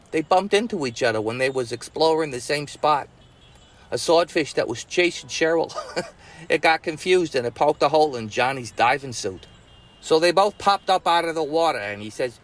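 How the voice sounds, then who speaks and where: Man, Brooklyn accent, folksy storyteller, lively swooping voice, slightly high. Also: normal speed. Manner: folksy, rough grammar, chuckling asides. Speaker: storyteller uncle. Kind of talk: bedtime-style storytelling.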